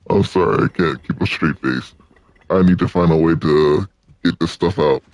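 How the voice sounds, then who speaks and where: A man's voice: extremely low pitch, moderate pace, creaky, dry recording. A man giving joking, casual commentary while playing a video game. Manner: joking, laughs at himself. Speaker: let's play gamer.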